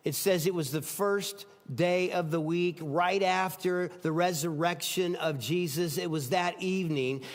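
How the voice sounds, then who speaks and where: A man preaching a sermon as pastor, retelling stories with swings between loud emphatic lines and soft hushed ones. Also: high-pitched, steady tone, unhurried, few pauses, long reverb tail.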